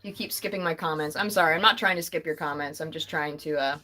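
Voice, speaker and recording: A woman's voice: deep voice, quick pace, sharp tone, faint music behind. Young adult woman, livestream host, casual and chatty with frequent laughter, reads chat aloud.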